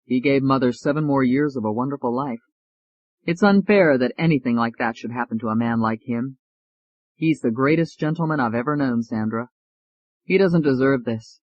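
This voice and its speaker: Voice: mid-range voice, normal speed, no echo, dull audio, lightly acted. A narrator voicing an earnest young male lawyer who speaks in a subdued way.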